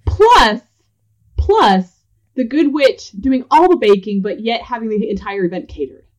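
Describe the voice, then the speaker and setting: A woman's voice: a little high, expressive, measured pace. A woman from Tennessee with a Southern accent, co-hosting a casual movie recap chat and laughing often. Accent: Southern American. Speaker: podcast co-host. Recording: slightly dull lo-fi sound.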